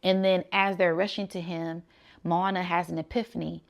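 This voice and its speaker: A woman's voice: lowish voice, flat delivery, moderate pace. A woman recapping a movie plot in a casual vlog, retelling scenes eagerly and repeating words for emphasis. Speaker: movie reviewer.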